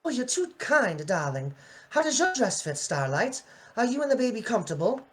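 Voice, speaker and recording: A woman's voice: on the high side, very animated, moderate pace, voice pushed up. A woman voicing an elegant female pony dressmaker from a cartoon fan dub. She sounds lifted and sing-song, with a posh, doting manner. Her delivery swoops widely. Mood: gushing. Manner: posh, doting, says darling. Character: elegant refined female pony fashion designer.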